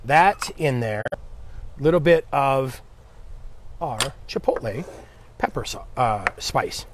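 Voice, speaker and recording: A man's voice: mid-range voice, expressive, slow, slight background noise. A man hosting a live cooking demo, chatting upbeat with viewers and his helper as he cooks. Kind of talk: live cooking stream, casual chat.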